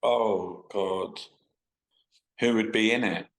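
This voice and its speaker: Sweary man, low voice. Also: fairly even intonation, slow, gravelly, rough recording. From England. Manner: rambling, sweary, stop-start anecdotes. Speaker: guest artist. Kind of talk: casual storytelling interview.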